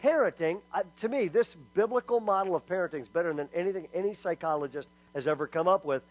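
High-voiced, emphatic man preaching to parents. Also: fast, no room sound, rough recording. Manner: emphatic, checks in with the audience by asking "okay?" after points; humorous storyteller. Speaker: speaker at a church parenting talk. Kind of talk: lively sermon-style talk to parents.

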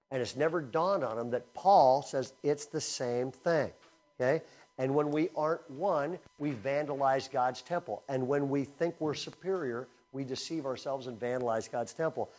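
A man preaching a sermon in a conversational style, energetic and swinging between loud emphasis and quiet asides. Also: mid-range voice. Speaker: speaker at a camp teaching session.

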